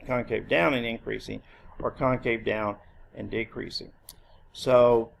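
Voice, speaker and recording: Guy teaching a math lecture, kinda gravelly voice, easygoing, talks things through. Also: mid-range voice. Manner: relaxed, explanatory, with restarts and fillers. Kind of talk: recorded lecture.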